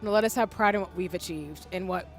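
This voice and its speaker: A soft, lower-pitched voice gives an earnest game companion's weary, resolute lines, read aloud by a woman. The delivery is hushed and subdued, with faint game music behind it. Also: quick pace, lightly acted. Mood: solemn. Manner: quiet, subdued reading of game dialogue.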